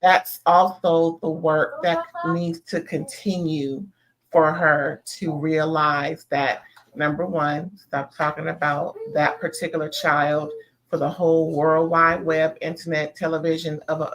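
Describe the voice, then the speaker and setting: A woman's voice: low-pitched, unhurried. A woman hosting a live show, reviewing a reality TV episode in casual, emphatic chat and talking straight to her viewers. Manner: emphatic, talks to viewers as "y'all". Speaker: host.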